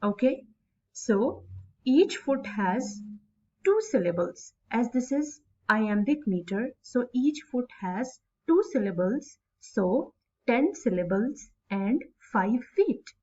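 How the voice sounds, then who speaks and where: A woman English instructor with a Pakistani English accent giving a recorded lecture, speaking slowly and stretching words out syllable by syllable. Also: a little high, animated, mellow, slightly rough. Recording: distant mic, dull lo-fi sound.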